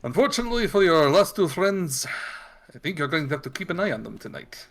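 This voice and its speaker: A man voicing a calm male healer in a tabletop game, measured and wry. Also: a little high, exaggerated voice.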